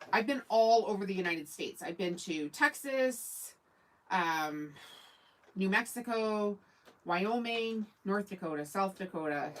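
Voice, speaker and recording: A woman's voice: mid-range voice, very noisy. Chatty woman hosting a sewing stream. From Canada. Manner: chatty, rambling, reads and answers chat comments. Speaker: sewing channel host. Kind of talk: casual livestream chat.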